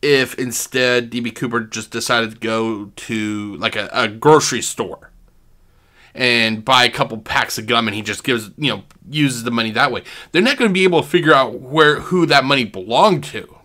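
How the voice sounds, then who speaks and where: Man, bright tone, casual rambling commentary, swears freely. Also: mid-range voice, normal speed. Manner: rambling, profane, thinking aloud. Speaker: host.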